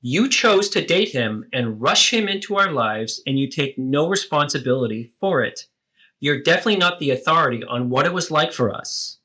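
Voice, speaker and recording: A man voicing an adult child who calmly and firmly confronts their mother in a therapeutic role-play. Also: a little high, normal speed. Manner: earnest, steady, firm about boundaries.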